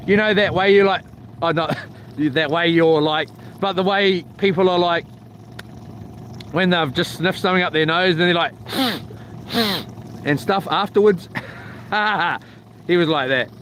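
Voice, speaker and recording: A man tells a loose, rambling story outdoors, his voice sitting a little high for a man. Faint boat and water sounds drift behind him. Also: a little hiss or hum. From New Zealand. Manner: rambling, colloquial, mimics others loudly. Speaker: vlogger. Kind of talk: casual storytelling. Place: outdoors by a lake.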